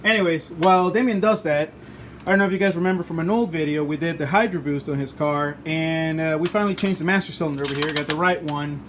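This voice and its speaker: A man's voice: on the high side, fast, background noise. A man hosting a car channel, chatting casually in his home garage, joking, laughing and swearing as he works. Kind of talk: casual garage chat to camera.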